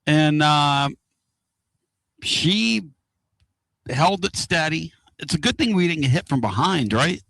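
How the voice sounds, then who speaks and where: A man hosting a casual radio talk show from inside a moving car, excitable and rambling. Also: on the high side, moderate pace, hardly any pauses, dry recording. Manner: excitable, rambling and loud-mouthed.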